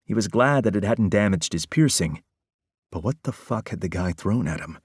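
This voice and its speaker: A male audiobook narrator with a low voice and measured storytelling delivery. The read is scripted and steady. The sound is dry and close, with no room echo. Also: breathy edge.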